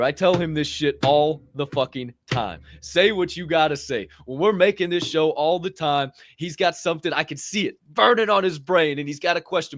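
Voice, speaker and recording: A man co-hosting a podcast, talking in an animated, profane, emphatic way. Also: fairly high pitch. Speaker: podcast co-host. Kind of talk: casual podcast chat.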